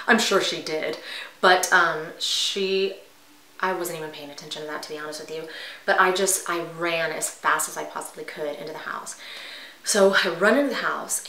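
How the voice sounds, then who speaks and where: A woman vlogger telling a personal story in casual storytime style, animated and dramatic, dropping to hushed asides. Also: low-pitched, reverberant, rough recording.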